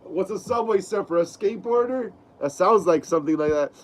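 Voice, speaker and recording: Stuffy-nosed young man, high voice. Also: animated, brisk. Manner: casual, reads chat messages aloud, says bro a lot. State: stuffy nose from a cold. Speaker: live stream host. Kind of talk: casual live stream chat. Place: home room.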